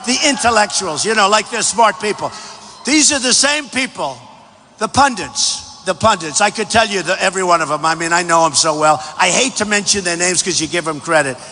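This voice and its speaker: A man delivers a rally speech in a high, bright voice that rings through a huge hangar with a long echo. He is boastful and repeats himself, and he often rises to a shout. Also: brisk, slight background noise. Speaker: presidential candidate. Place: large packed hangar. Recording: echoey hangar hall.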